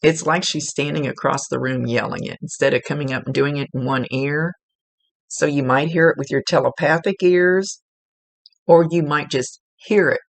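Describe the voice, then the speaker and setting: A woman's voice: rumbling low, gravelly. A woman working as a psychic medium, giving a casual, rambling reading and often correcting herself mid-sentence. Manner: chatty, rambling, self-correcting.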